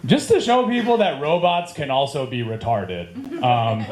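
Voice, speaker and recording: A man's voice: mid-range voice, animated, unhurried, darkish tone. A man in his late thirties doing a rambling stand-up comedy set in a club, laughing at his own jokes. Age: 30s. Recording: echoey club with faint room noise.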